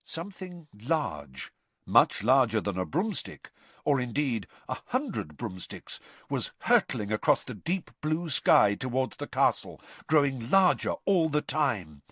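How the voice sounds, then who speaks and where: A man narrating a storybook audiobook in an expressive, suspense-building way. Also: mid-range voice, a little slow, breathy edge, no echo. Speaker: audiobook reader.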